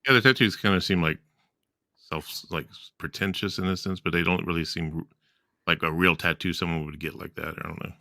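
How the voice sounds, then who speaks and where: A man's voice: deep voice, fairly quick, gravelly, sharp tone, no echo, studio quality. A man co-hosting a podcast, chatting in a laid-back, rambling way. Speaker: podcast co-host. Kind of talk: casual chat.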